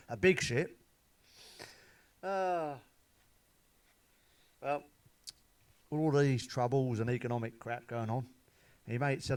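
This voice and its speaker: A middle-aged man delivers dad jokes in stand-up style. He peppers every punchline with swearing and chuckles at his own gags. His voice sits at an ordinary middle pitch for a man. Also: slow pace, long pauses, darkish tone. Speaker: stand-up comedian. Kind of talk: stand-up one-liners.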